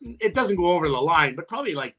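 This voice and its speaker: A man's voice: very animated, quick pace, crowd noise. A man, a retired hockey player, telling profane stories in a casual podcast chat, laughing and restarting often. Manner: jumps much higher when quoting his own taunts.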